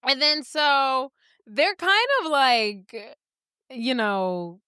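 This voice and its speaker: A woman's voice: sits high, big pitch swings, very slow, bright, forceful tone, clean tone, no echo, clean studio sound. A woman co-hosting a podcast, joking crudely through a casual movie recap. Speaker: podcast co-host.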